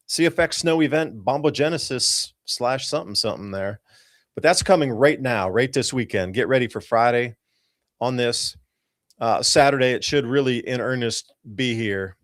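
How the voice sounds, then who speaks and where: A man hosting a talk show, talking through weather charts in an excited, emphatic and rambling way. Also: mid-range voice, no room sound, clean studio sound. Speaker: host.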